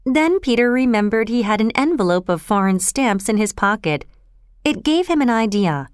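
A woman reads a children's story aloud with a lively, rising and falling delivery. Her voice is smooth and resonant. The recording is close and dry. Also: a little high, normal speed, no room sound. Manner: expressive, clear reading. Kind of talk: scripted children's story narration.

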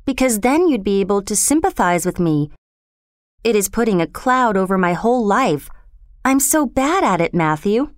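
A woman's voice: mid-range voice, very animated, normal speed, no echo, clean studio sound, natural voice. A woman voicing an imaginative, talkative young orphan girl in a storybook reading, earnest and dramatic. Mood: plaintive. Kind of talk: storybook character voice.

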